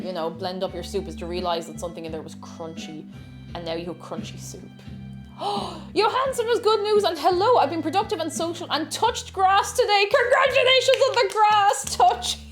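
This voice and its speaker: A woman's voice: sits high, sing-song, moderate pace. A woman streaming herself cooking, chatting casually, reading viewer messages aloud and reacting, often stammering and restarting. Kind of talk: casual chat while cooking live. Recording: music playing in the background.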